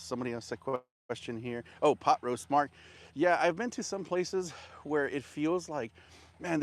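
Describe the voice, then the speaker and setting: A man chatting on a livestream while walking outdoors, out of breath and panting between sentences. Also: mid-range voice. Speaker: barbecue vendor livestreaming. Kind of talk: casual livestream chat. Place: outdoors on a walk.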